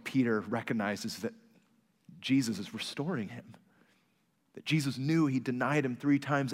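A man preaching a sermon as pastor, telling a story with animated swings from loud to hushed. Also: on the high side, in a large hall.

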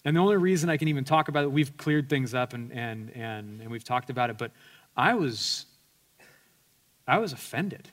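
A man's voice: mid-range voice, expressive, normal speed. A male pastor preaching an earnest sermon, telling personal stories with self-deprecating humor and frequent restarts.

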